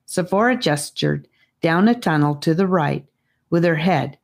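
A woman's voice: deep voice, creaky. A woman narrating a children's fantasy audiobook in a storytelling manner. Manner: slow, lively storytelling.

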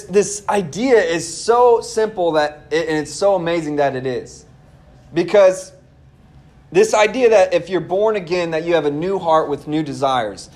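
High-voiced young man preaching a sermon. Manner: conversational, earnest preaching with asides to the congregation. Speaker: pastor.

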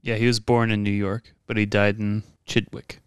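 A man casually discussing a war film with friends in a relaxed, joking way. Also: lowish voice, normal speed, clear, resonant tone, no echo, clean studio sound. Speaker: podcast co-host.

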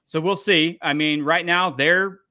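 A man hosting a podcast, giving opinionated, animated takes in casual chat. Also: fairly high pitch, a little slow, no echo, studio quality. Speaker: podcast host.

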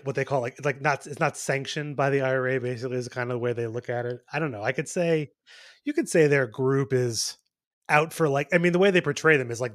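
A man's voice: mid-range voice, fairly bright tone, no room sound. Male podcast co-host, rambling delivery, close dry mic. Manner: rambling, many restarts and "like". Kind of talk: casual chat.

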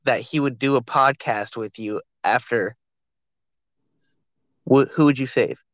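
A young man co-hosting a casual podcast, swearing freely, laughing often and calling his friend "dude" nearly every sentence. His voice sits at a middle pitch with a dry, close sound. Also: a little slow, a bit bright, no echo, rough recording. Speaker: podcast co-host.

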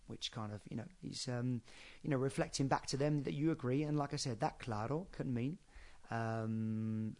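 A man hosting a podcast, giving a casual spoken lesson in a chatty, rambling way with lots of fillers. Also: medium pitch. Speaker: podcast host.

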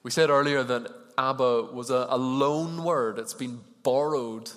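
A man's voice: mid-range voice, fairly even intonation, measured pace, a bit bright. Man preaching in a reverberant hall. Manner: conversational, asks the congregation questions. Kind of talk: sermon. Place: church hall with congregation. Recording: long reverb of a large hall.

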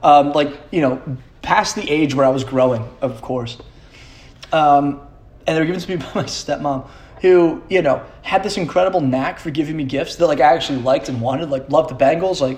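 A man's voice: on the high side, fairly even intonation, a little fast, darkish tone. A young man hosting a solo podcast, rambling in a profane, self-mocking way and laughing often. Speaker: podcast host.

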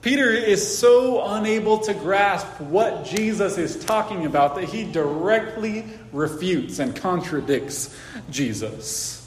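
A man preaching a sermon as pastor, casual and animated in his storytelling, often restarting his words. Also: sits high, takes it slowly. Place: church hall. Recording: echoey hall, faint background hiss.

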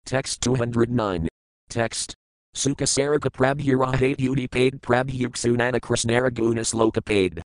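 A man reads verses aloud in a steady, measured recitation, giving each word's meaning and then the translation. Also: medium pitch, no room sound, rough recording. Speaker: scripture reader.

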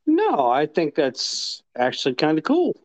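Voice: mid-range voice, no echo. A podcast co-host chatting casually and joking. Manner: slow, lively, joking. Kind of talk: casual chat.

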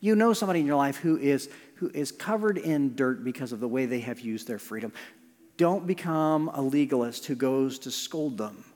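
A middle-aged male pastor preaching a sermon, shifting from loud emphasis to hushed near-whispers. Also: mid-range voice, normal speed. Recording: long hall reverb.

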